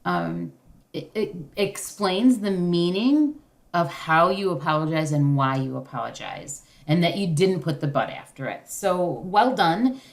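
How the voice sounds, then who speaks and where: A woman's voice: fairly low pitch, lively intonation, measured pace. Woman, parenting-class facilitator; encouraging, loose delivery with fillers, video-call sound.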